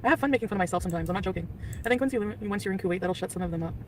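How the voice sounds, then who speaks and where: A woman's voice: medium pitch, rapid-fire, distant mic, a little hiss or hum. A woman livestreaming in a chatty, rambling way, giggling and answering her chat. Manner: rambling, giggly, jumps between topics. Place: on the go, partly in a store.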